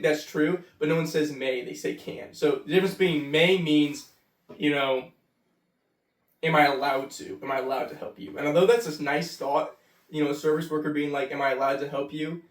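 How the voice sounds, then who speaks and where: Young American man in his twenties, casual English tutor, filler-heavy and chatty, slightly high voice, heard from a distance. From United States. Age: 20s. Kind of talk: casual spoken explainer. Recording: roomy sound, voice from a distance.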